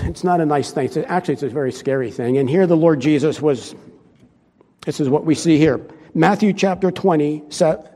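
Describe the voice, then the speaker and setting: A man's voice: a little high, warm tone, big-room sound. A male preacher giving a conversational sermon, asking his listeners questions as he goes.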